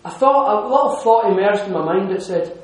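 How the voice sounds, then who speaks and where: A man telling a lively story to an audience, laughing often and restarting his sentences. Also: sits high, fairly quick. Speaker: speaker giving a talk. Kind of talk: lively anecdotal talk to an audience. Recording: echoey hall.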